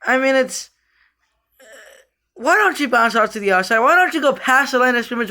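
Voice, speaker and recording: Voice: mid-range voice, animated, moderate pace, long pauses, bright, forceful tone. A sports fan vlogger giving a casual, rambling rant about the team, repeating themselves in frustration with lots of fillers and restarts.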